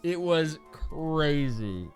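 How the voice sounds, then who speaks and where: A young man streaming a game, chatting and telling a story with lots of swearing and high-pitched impressions of others. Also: extremely slow, faint music behind. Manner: animated, swears freely, jumps into high mimicking voices. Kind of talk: casual live-stream storytelling while gaming. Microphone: desk mic.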